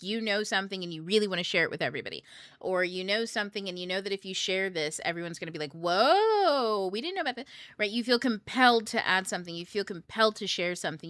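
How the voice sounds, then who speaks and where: A young woman with a bright, fairly low voice talks loosely to her viewers, wandering off on tangents and swearing without a second thought. The sound is dry and close. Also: dry recording. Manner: rambling, candid, swears casually. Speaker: book club host. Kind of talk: casual livestream talk on astrology.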